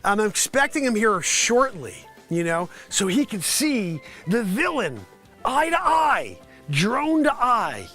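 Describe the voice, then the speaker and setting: A man hosts his daily stream with a comic mock news report. His voice is high and bright, with faint music underneath. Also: very animated, takes it slowly. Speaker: host of a daily livestream. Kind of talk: comedic livestream monologue.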